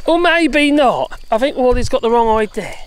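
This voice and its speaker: Woman ranting into her phone outside, high voice that swoops all over, sarcastic and fed up. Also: big pitch swings, moderate pace, slight background noise. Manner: exasperated, sarcastic, chatty with frequent laughs. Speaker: vlogger. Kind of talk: ranting political vlog. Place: outdoors walking dogs.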